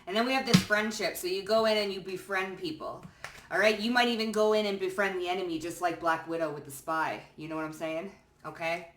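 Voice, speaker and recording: A woman's voice: on the low side, steady tone, brisk, reverberant, recorded from a distance, noisy background. A woman giving a casual pick-a-card tarot reading. She chats freely, swears casually and keeps checking in with "okay?" and "you know what I'm saying?".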